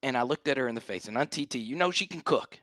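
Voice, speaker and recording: Male fan-show host, hyped rant, very lively delivery, dry close sound. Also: mid-range voice, fast, dry recording. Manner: hyped, animated, repeats himself for emphasis. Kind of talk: fired-up livestream fan rant.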